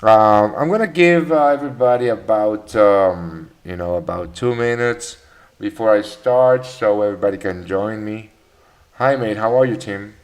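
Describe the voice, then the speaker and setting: A man's voice: fairly low pitch, moderate pace. A man hosting a live trading webinar, chatting casually, greeting viewers by name with many fillers and restarts. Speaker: trading session host.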